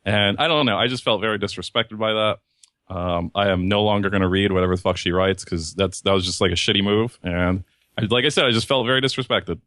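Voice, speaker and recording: Bright-voiced man ranting on a podcast. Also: on the low side, quick pace, no room sound, clean studio sound. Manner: profane, heated storytelling with mocking voices. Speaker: podcast co-host. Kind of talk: casual ranting chat.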